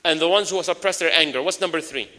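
A man preaching a lively sermon to an audience, mixing in Arabic phrases and addressing the crowd directly. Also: on the high side, fast talker. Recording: long hall reverb.

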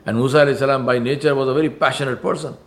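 A man's voice: mid-range voice, steady tone, racing. A man preaching a sermon in an earnest manner, stressing points by repetition and often restarting his phrases.

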